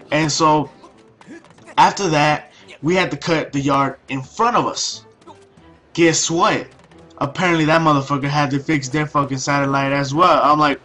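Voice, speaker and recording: A man's voice: a little high, moderate pace, bright, forceful tone, faint music behind. A young man telling a story over gameplay in a casual, profane, ranting way, with many restarts. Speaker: video commentator.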